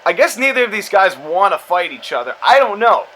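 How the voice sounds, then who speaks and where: A man's voice: high-pitched, very animated, a little fast, a bit bright, slight background noise, poor audio. A man giving casual, rambling play-by-play commentary over a video game wrestling match, sarcastic and prone to exasperated outbursts. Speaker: commentator and show host.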